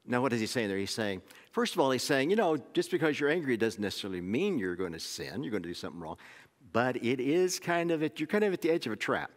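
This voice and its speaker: A man's voice: mid-range voice, very animated, fast. A middle-aged man from Oklahoma, preaching a sermon in a folksy storytelling way with many restarts. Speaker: pastor. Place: church sanctuary. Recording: long sanctuary reverb.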